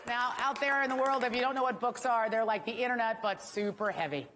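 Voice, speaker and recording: A woman's voice: fairly high pitch, brisk, hardly any pauses. A woman hosting an awards ceremony, delivering a stand-up monologue with wry jokes and asides to a live audience. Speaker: awards show host. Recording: echoey hall with faint room noise.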